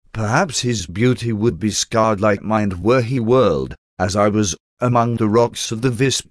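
Vengeful scarred woman from an old tale, hissing threats, low, dry, read by a man. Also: dry recording, lightly acted.

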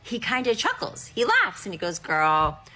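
A woman telling a personal anecdote with dramatic, animated delivery in a played clip. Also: fairly high pitch, brisk, breathy edge.

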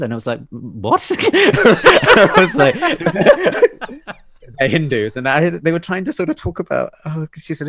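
A man's voice: a little high, wildly swooping pitch, normal speed, a bit bright, dry recording, clean studio sound. A man, an actor and A&E doctor, candidly telling personal stories in conversation, laughing often and acting out family dialogue. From United Kingdom.

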